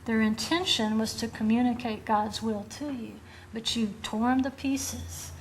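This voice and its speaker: Woman preaching, fairly high voice, earnest, direct, rhetorical questions. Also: a little slow, slight background noise. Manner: acts out quoted voices of children and rebels. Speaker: Bible teacher. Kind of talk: sermon.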